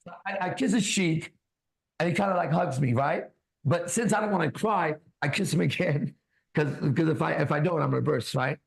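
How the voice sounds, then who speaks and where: Gravelly, fairly high-voiced man telling stories. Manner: casual, tags lines with "right?" and "bro", laughs often; reads scripture slowly and deliberately. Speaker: ministry host. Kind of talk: casual storytelling and scripture reading.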